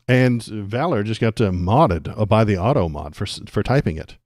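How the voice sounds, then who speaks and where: A man's voice: fairly low pitch, lively intonation, moderate pace, hardly any pauses, darkish tone, dry recording, clean studio sound. A man hosting a political livestream, ranting sarcastically, laughing and talking to his chat. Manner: ranty, sarcastic, laughs often, talks to chat.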